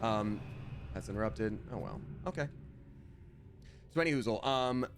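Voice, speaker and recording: A man's voice: lowish voice, lively intonation, moderate pace, background noise. A man streaming a video game, chatting casually and telling a story while he acts out both sides of a conversation.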